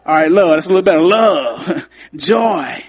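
A man's voice: fairly high pitch, lively intonation, a little slow, husky. A man preaching to his congregation, repeating lines for emphasis and talking straight to the room. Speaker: pastor. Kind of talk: sermon.

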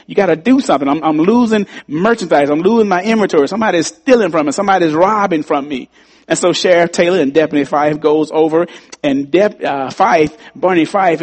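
Male preacher, slightly higher voice, storytelling sermon, slows down hard on repeated key lines. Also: darkish tone. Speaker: pastor.

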